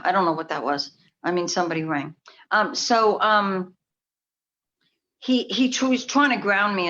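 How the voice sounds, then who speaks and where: A woman's voice: fairly low pitch, a bit bright. Rambling woman from New York on a call. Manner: rambling, trailing off and restarting. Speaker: clairvoyant guest. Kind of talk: casual interview chat. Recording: dull lo-fi call audio.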